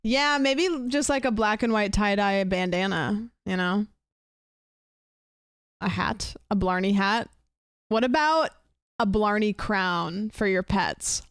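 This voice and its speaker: A young woman chatting on a live stream, rambling from one idea to the next. Her voice is smooth and clear at a middling pitch. The sound is dry and close, with no room echo. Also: slow pace. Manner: chatty and rambling, thanks viewers for gifts. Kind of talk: casual live-stream chat.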